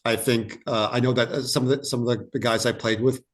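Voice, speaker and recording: A man's voice: medium pitch, flat delivery, fast, a little hiss or hum. A man in his forties, a podcast guest and former player, talking in an easygoing, reflective way. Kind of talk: casual podcast chat.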